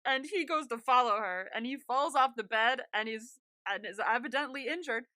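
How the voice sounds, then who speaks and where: A high-pitched woman with a bright, clear tone co-hosts a podcast in casual chat. She giggles often and slips into quick impressions of the characters she describes. Her voice sounds close and dry, with no room around it. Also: no room sound. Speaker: podcast co-host.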